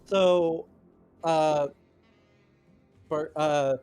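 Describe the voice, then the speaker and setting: Brief: male player, casual, hesitant, slightly high voice. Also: steady tone, very slow, darkish tone, clear, resonant tone, soft background music. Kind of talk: tabletop game chat.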